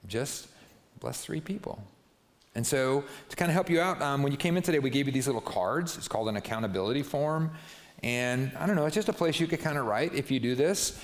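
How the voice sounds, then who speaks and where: Man, pastor, conversational sermon, chatty asides, middle pitch. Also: animated, brisk, long reverb tail. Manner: casual, chatty, lots of asides. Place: church sanctuary.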